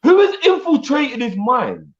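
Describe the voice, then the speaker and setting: Animated high-voiced young man, dull sound. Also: a little slow. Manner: exasperated, slangy, animated. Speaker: fan channel co-host. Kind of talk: live post-match reaction chat.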